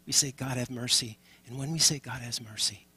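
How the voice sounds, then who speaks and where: Pastor guy leading communion, bright kinda husky voice, earnest, talks right to the congregation. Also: medium pitch, steady tone, fairly quick. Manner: earnest, calls on the congregation directly.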